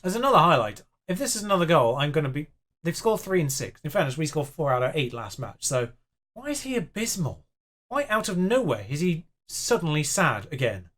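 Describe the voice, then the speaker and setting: Pitched a little high and swinging widely in pitch, this young man's slightly bright voice moves at a somewhat fast clip. He's a YouTube player doing let's-play commentary, chattily mumbling and mocking himself while his game plays out.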